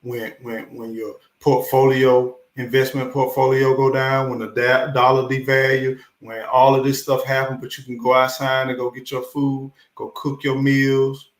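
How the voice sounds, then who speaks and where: A man's voice: mid-range voice, moderate pace, few pauses. Preachy man in an echoey room. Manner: preachy, repetitive, animated. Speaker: live stream host. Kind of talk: casual motivational talk.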